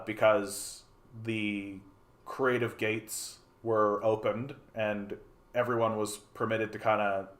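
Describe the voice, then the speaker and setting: A man hosting a casual political stream, talking bluntly with lots of restarts and profanity. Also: on the low side. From Canada. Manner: rambling, blunt, profane, many restarts and fillers. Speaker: livestream host. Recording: roomy echoey room.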